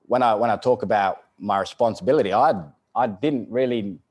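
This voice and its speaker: A man's voice: fairly low pitch, a little fast, darkish tone. A man in his thirties with a South Australian accent, telling funny stories as a guest speaker to a live audience, chatty with lots of restarts. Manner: joking, chatty, with many restarts and chuckles. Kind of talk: humorous storytelling talk to a live audience. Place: studio event space.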